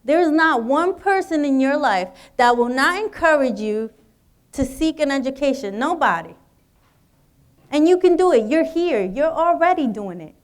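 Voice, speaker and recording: High-voiced woman giving a pep talk. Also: expressive, normal speed. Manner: encouraging, addresses audience directly. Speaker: guest speaker. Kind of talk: motivational speech to students. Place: university auditorium.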